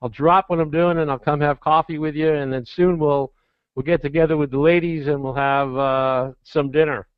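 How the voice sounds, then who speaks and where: A man's voice: a little high, fairly even intonation, normal speed, clear, resonant tone, no echo. Man, webinar host and CEO, gushing and effusive, resonant, slightly muffled. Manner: effusive, gushing praise, run-on sentences. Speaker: company CEO hosting a webinar. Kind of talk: enthusiastic webinar hosting. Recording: somewhat dull, dry webinar audio.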